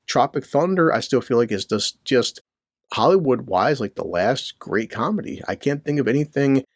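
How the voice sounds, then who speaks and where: A middle-aged host of his own channel delivers profane ranting commentary on the news from a basement by the boiler, full of rhetorical questions and swearing. He speaks at a moderate pace in an expressive, medium-pitched voice, captured with clean studio sound and no echo.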